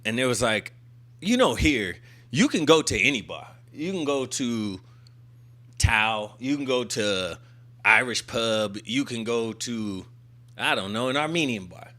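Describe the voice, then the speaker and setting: A man's voice: medium pitch, measured pace. A man hosting a podcast, telling stories in casual chat and calling his co-host "bro" and "brother". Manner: animated storyteller, keeps calling the listener "bro" and "brother".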